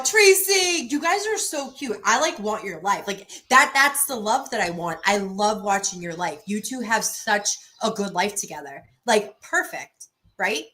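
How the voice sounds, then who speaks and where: A bright, forceful woman in her thirties talking straight to her livestream viewers. She speaks bluntly and swears freely. She often restarts a sentence mid-thought before driving her point home. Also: mid-range voice, rough recording. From Boston area. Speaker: livestream host. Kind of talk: casual livestream chat reading comments.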